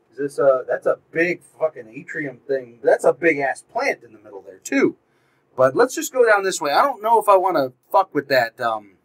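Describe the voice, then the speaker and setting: A man's voice: fairly high pitch, rough recording. A man playing a horror game in virtual reality, reacting with yelps, swearing and running commentary, likely on a headset mic. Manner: jumpy, swears, yelps and talks back to the game. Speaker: gaming YouTuber. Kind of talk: VR horror let's play commentary.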